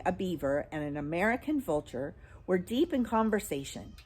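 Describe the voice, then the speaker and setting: A woman reading a children's book aloud, in an expressive storytelling way. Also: on the low side. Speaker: storybook reader.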